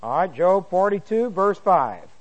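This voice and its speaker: A middle-aged man leads a Bible lesson in a voice pitched a little high. He reads the verses slowly and with care. He clears his throat often between points. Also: big pitch swings, dull audio. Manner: slow, deliberate reading of verses, frequent throat-clearing. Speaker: Bible teacher.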